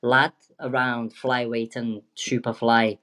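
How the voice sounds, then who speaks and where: A man's voice: medium pitch, flat delivery, takes it slowly, sharp tone. A young man, a boxer guest telling rambling, sweary, jokey stories in a casual interview. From England.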